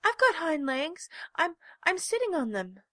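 A timid little toy rabbit , as a woman reading a storybook puts him on, pleads in a raised, high voice. He is stubborn and desperate to be believed real. The recording is close and dry. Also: big pitch swings, fairly quick, a bit bright, no echo, exaggerated voice.

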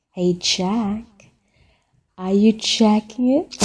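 A woman's voice: mid-range voice, expressive, slow pace, dark tone, slightly rough. A woman performing a flirty phone-call role-play in a teasing, playful way, stretching her words out.

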